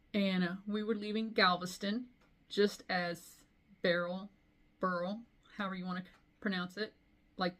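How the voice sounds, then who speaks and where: A woman's voice: on the low side, fairly bright tone. A middle-aged woman chatting casually to camera as a cross-stitch vlogger, rambling with frequent asides. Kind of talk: casual chat.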